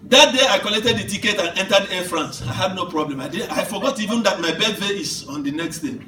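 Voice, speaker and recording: A man in his fifties preaching a sermon as pastor, swinging from soft asides to shouted declarations and laughing through his stories. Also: high-pitched, fast, background noise. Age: 50s. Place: church hall. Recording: echoey church hall from far off, with music.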